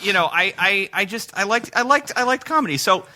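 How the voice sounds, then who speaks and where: Man with a bright, laughing guest voice. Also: high-pitched, lively intonation, brisk. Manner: self-deprecating, laughs often, rambling asides. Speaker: guest singer. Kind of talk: casual interview chat.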